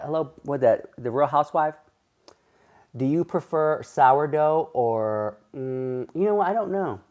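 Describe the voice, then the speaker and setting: Casual male streamer, mid pitch, gossipy and rambling, chatting to viewers live. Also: darkish tone. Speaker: livestreamer reading chat. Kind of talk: casual livestream chat.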